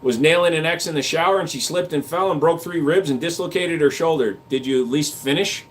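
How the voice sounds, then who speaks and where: A man's voice: a little high, a little fast, slight background noise. A man hosting a livestream, reading chat comments aloud and answering with crude jokes and casual gun talk. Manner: crude joking banter, reads comments aloud.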